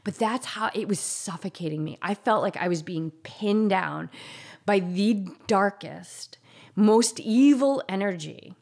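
A woman's voice: mid-range voice, unhurried, gravelly, darkish tone. A woman telling a painful personal story in an intense, confessional way, saying "like" often. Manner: intense, confessional, heavy use of "like".

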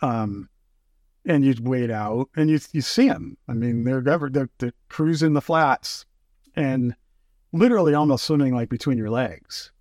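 A man's voice: medium pitch, unhurried, a little mellow, dry recording, studio quality. A man telling fishing stories in casual chat, acting out quotes with lots of fillers. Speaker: fly fishing guest.

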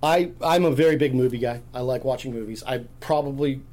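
A man's voice: mid-range voice, brisk, a little mellow. A man chatting as a podcast guest, rambling through stories with many restarts. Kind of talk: casual chat.

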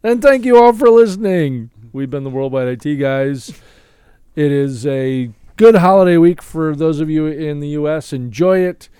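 A man's voice: on the high side, normal speed, dark tone, clear, resonant tone, no echo. A man hosting a podcast in casual chat who laughs easily and moderates the talk. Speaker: podcast host.

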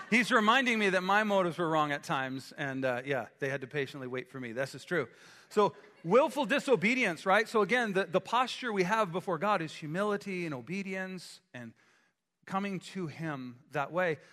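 A man preaching a sermon as pastor, animated and acting out scenes with quick changes of voice. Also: fairly high pitch. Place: church sanctuary. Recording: echoey hall.

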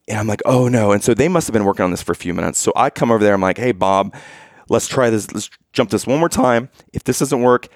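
A man's voice: fairly low pitch, no room sound, clean studio sound. A man casually telling a story on a podcast, acting out the people in it as he goes. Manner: animated storyteller, acts out quoted exchanges.

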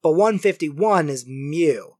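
Animated, rambling podcast talker. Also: medium pitch, slow pace, no echo, studio quality. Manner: animated, rambling, many fillers. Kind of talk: casual chat about video games.

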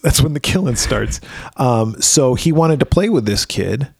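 A male podcast co-host recaps a film conversationally, laughing and swearing readily, his close-miked voice free of echo. It sits mid-range and sounds expressive, a little slow, slightly mellow and breathy, with vocal fry.

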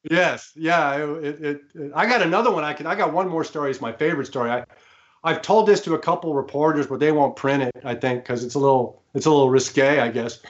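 Animated man telling studio stories. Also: on the high side, quick pace. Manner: animated, laughs often, many restarts. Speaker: guest, studio engineer. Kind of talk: anecdotal storytelling. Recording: slightly muffled remote audio.

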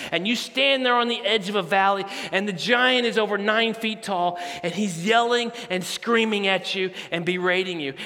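Bright-voiced pastor preaching in echoing hall. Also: male voice, high-pitched. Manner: animated storytelling, conversational asides. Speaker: campus pastor. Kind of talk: sermon. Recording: reverberant large hall.

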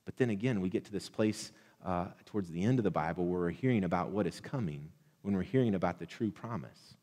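A man preaching a sermon, building to loud, impassioned repeated blessings. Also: low-pitched, fast, in a large hall. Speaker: pastor.

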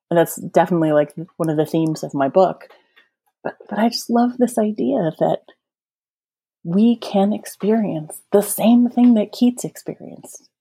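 A woman guest author talking casually on a podcast, effusive and gushing, slowing down to savor her points. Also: mid-range voice, warm tone, slightly rough. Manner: effusive, gushing, slows for emphasis.

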